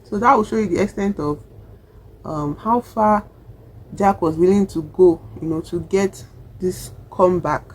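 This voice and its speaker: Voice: mid-range voice, a little slow, a little mellow. A vlogger with a Nigerian accent, chatting casually through a film recap and acting out the characters' lines. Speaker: film reviewer.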